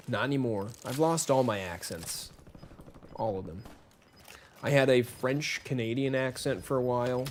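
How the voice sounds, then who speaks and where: With a mid-range voice and a bit of hiss or hum, a gaming streamer plays a shooter live. He rambles amiably, chatting with his audience as he plays and calling out viewers by name.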